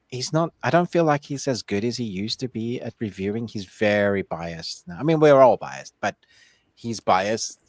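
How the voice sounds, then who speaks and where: A man's voice: on the low side, animated, normal speed, dry recording. A man co-hosting a casual movie review podcast, blunt and opinionated with a wry edge. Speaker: podcast co-host. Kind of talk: casual chat.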